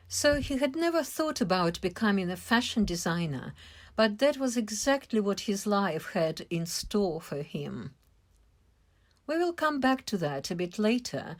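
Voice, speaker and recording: A woman giving an English vocabulary lesson, explaining words slowly and carefully and stressing syllables. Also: medium pitch, big pitch swings. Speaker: English teacher.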